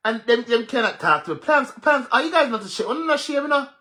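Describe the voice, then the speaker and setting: A man with a Jamaican accent ranting on a livestream as a social media commentator, loud and mocking, laughing and cursing as he goes. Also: extremely high pitch, big pitch swings, fast talker. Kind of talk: livestream rant.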